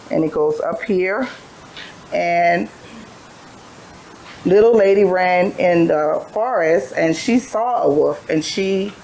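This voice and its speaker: Slow, patient woman teaching phonics. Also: on the low side, gravelly, darkish tone, a little hiss or hum, rough recording. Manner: slow, patient sing-song storytelling with letter sounds. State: tired. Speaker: preschool teacher. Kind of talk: phonics lesson for young children.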